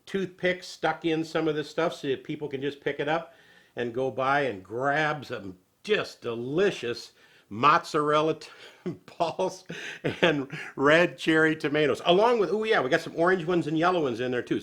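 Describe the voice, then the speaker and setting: Male cooking host, folksy and chatty, slightly high, bright forceful voice. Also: expressive, normal speed. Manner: homespun, chatty, chuckles often.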